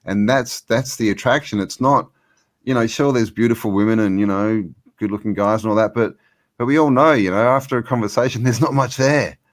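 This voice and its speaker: A man's voice: mid-range voice, fairly quick. A man hosting a casual livestream chat, rambling and emphatic, filling his talk with "you know". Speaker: host.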